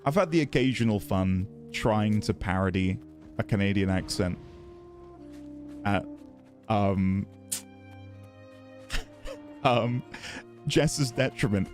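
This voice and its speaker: A man's voice: lowish voice, expressive, slow, long pauses, soft background music. A man chatting casually on a live stream while playing a game, giggly and self-deprecating.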